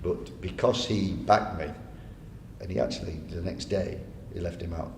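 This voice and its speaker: Deep creaky man telling stage stories. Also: steady tone, normal speed. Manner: chatty anecdotes, acts out quoted players; laughs often while telling stories. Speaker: guest speaker. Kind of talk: live on-stage storytelling. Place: arts venue hall, live audience. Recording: echoey hall with faint rumble.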